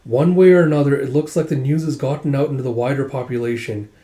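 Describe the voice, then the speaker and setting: A man's voice: medium pitch, fairly even intonation, fast talker, dark tone, close to an everyday voice. A man reading aloud as a composed, observant advisor with a matter-of-fact manner. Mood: calm. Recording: roomy echo.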